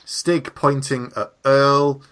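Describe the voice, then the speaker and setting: A man's voice: mid-range voice, flat delivery, slow pace, fairly bright tone, clean tone. A man co-hosting a film review podcast, recounting the plot step by step in casual chat.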